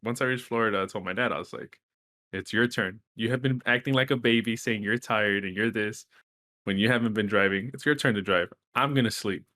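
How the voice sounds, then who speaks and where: A man's voice: on the low side, a little fast. Young man telling a story. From Texas. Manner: animated storytelling, swears freely. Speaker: podcast co-host. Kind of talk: casual chat.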